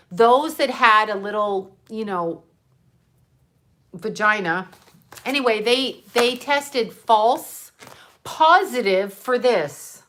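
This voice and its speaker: A woman's voice: mid-range voice, pushed and bright. A woman hosting a casual livestream, chatting to viewers in a rambling, playful way, often laughing and jumping between topics. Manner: chatty and scattered, with frequent laughs and asides. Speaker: livestream host reading viewer comments.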